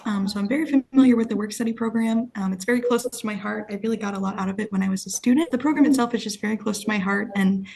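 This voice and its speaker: A woman's voice: mid-range voice, creaky. A woman in her twenties, a new work-study staff member, answering podcast interview questions upbeat, with frequent ums. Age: 20s. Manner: upbeat, warm toward the school, with frequent ums.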